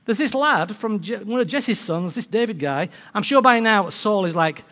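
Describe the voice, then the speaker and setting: A man preaching a sermon, telling a story in a lively way and acting out its characters. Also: high voice, moderate pace, hardly any pauses. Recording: long reverb of a large hall.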